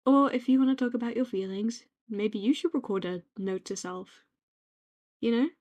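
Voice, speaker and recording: A young British woman gently rambling in a soft-spoken ASMR-style note to herself, reflective and quietly affirming, recorded on a home microphone. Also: on the high side, moderate pace, lo-fi sound. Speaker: ASMR creator.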